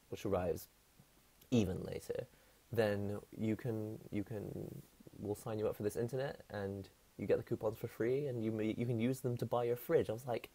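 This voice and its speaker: Low husky guy rambling on his stream, laughs a lot, mellow gravelly tone. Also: steady tone, normal speed. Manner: chatty, rambling, laughs often. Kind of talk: casual live-stream chat. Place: his apartment.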